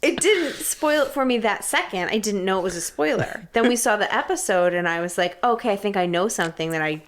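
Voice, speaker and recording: A woman's voice: mid-range voice, animated, fairly quick, slight background noise. A woman with a mid-range voice co-hosts a podcast in easygoing chat. She giggles often and rambles through long explanations. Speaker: podcast co-host. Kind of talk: casual chat.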